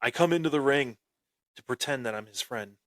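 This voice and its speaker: A man's voice: mid-range voice, brisk, fairly bright tone, no echo. A man hosting a wrestling podcast, telling a boastful, taunting story in his wrestling persona. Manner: swaggering, taunting, dramatic. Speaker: podcast host.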